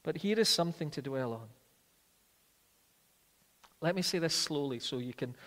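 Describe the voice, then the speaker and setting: A man preaching a sermon, reading scripture aloud and repeating key phrases, often slowing down and dropping his voice softly to press a point home. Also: on the high side, animated, long reverb tail.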